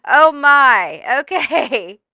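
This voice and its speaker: Unhurried, bright-voiced tarot reader woman. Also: sits high, big pitch swings, dry recording. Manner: casual, laughs often, swears freely. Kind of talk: pick-a-card tarot reading.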